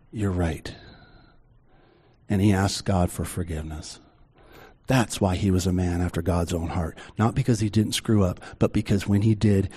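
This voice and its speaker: A middle-aged man preaching a sermon in a conversational way, with slow, emphatic pauses. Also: fairly low pitch, darkish tone, husky. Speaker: pastor.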